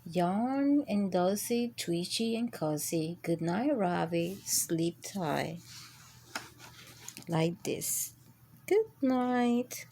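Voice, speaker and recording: Slow sing-song woman storyteller. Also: expressive, gravelly, mellow, a little hiss or hum. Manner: slow, sing-song, bursts into high animal voices. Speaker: children's storyteller. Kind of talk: bedtime story reading.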